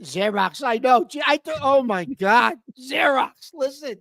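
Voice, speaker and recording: A man's voice: extremely high pitch, animated, unhurried, gravelly, sharp tone, no echo. A man co-hosting a casual sports talk show, insistent, talking over his partner and correcting himself mid-sentence. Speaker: co-host.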